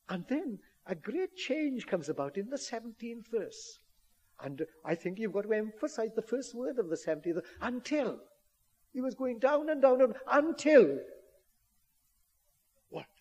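A man delivers a sermon earnestly in a fairly high, husky-edged voice, building to emphatic appeals to his listeners. His tone is a little mellow.

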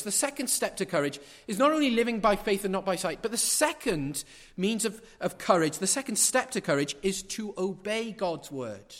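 A man's voice: high voice, sing-song, moderate pace, fairly bright tone, in a large hall. A middle-aged man preaching a sermon, emphatic and repeating phrases for stress.

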